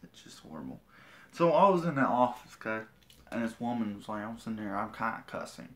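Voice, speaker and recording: A man's voice: fairly low pitch, lively intonation, fairly quick. A man telling a story on a livestream, swearing a lot and talking in a defiant, boastful way. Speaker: vlogger. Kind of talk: livestream rant.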